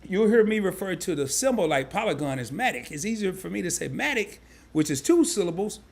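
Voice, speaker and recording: A man's voice: high voice, big pitch swings, fairly quick, gravelly, a little mellow, breathy edge. A man hosting a live stream, casually breaking things down step by step and often repeating himself. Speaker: crypto live stream host. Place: home setup, sharing his screen.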